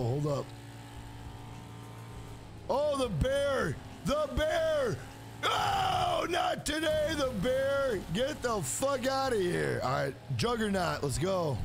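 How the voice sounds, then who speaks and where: Over game music, this streamer swears and trash-talks at the screen in an excitable, profane way, pausing to greet and thank his chat. His voice is on the high side with vocal fry, and there's background noise.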